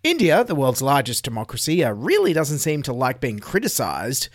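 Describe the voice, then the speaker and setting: A man with an Australian accent hosting a satirical news show, delivering sarcastic deadpan jokes. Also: mid-range voice, moderate pace, no room sound, clean studio sound. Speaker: comedy news host.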